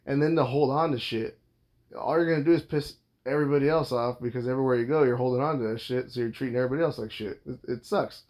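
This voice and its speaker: A man's voice: mid-range voice, fast, darkish tone. Blunt, rambling man on a podcast. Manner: blunt, rambling, heavy swearing. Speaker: podcast host. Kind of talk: casual monologue.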